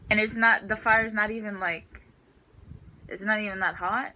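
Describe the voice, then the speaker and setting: A woman's voice: medium pitch, steady tone, normal speed, pushed and bright, poor audio. A teenage girl ranting in a storytime vlog about her school day, exasperated and full of fillers. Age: teens. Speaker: student vlogger.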